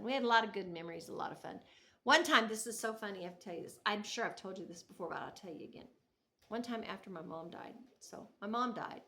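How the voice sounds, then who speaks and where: A woman's voice: mid-range voice, a bit bright, slight background noise. A middle-aged woman telling family stories in a casual, chatty knitting vlog, often laughing and restarting her sentences. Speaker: knitting vlogger. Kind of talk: casual storytelling to camera.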